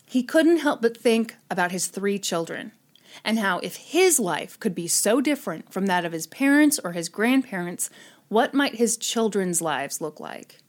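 A woman's voice: mid-range voice, lively intonation, unhurried. A woman hosting a chat show, telling a history story in a casual, irreverent way with frequent swearing and laughter.

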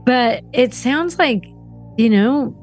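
A woman's voice: fairly high pitch, animated, slow pace, a little mellow, soft background music. A woman hosting a call-in show, chatting casually and wryly about a caller's story. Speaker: show host. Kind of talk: casual chat.

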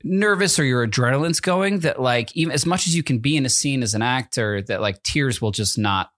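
A man's voice: medium pitch, fairly quick, a bit bright, dry recording, clean studio sound. A young adult man, an actor co-hosting a podcast, talks in a rambling, self-interrupting way with teary eyes, laughing through the tears. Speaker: podcast co-host. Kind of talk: casual chat.

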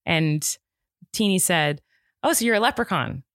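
A woman's voice: fairly low pitch, expressive, moderate pace, fairly bright tone, dry recording. American woman, podcast host, playful and giggly, dry close sound. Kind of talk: casual podcast chat.

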